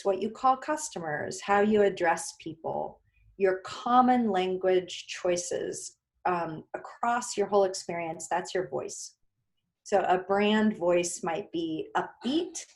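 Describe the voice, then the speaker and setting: A woman speaker answering questions as a hiring manager, patiently laying out simple rules in a teacherly way. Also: mid-range voice. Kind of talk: explanatory Q&A answers.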